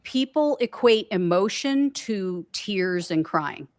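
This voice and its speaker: A woman co-hosting a casual political livestream, blunt and animated, swearing freely and laughing often. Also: medium pitch, slow. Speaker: co-host.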